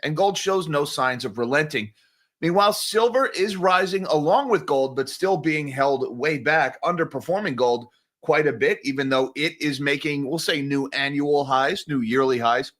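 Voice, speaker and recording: Man, fairly high voice, bright, sarcastic, rambling market commentary, animated asides. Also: normal speed. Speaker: finance commentator. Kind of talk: casual solo commentary.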